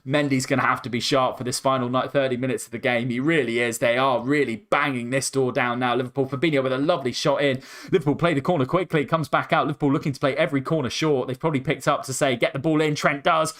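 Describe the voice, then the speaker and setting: A man hosting a fan watchalong, calling the match play by play and breaking into excited cries at every chance. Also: mid-range voice, fast talker. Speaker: host.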